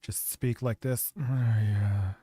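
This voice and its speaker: A man's voice: fairly low pitch, fairly even intonation, very slow, warm tone, husky. A man hosting a live stream, commenting on a clip in a sarcastic, crude, casual way. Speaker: streamer host.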